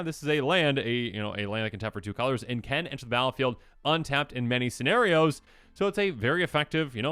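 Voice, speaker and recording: A man's voice: mid-range voice, clear, resonant tone, no room sound. A man hosting a card-game channel, chatting casually and rambling with lots of fillers. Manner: rambling, filler-heavy, animated. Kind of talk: casual chat, talking through card prices.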